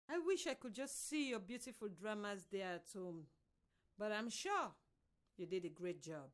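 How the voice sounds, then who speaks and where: A woman teacher from Sierra Leone giving a slow, drawn-out primary reading lesson on radio. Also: medium pitch, animated. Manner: slow, drawn-out classroom instructions.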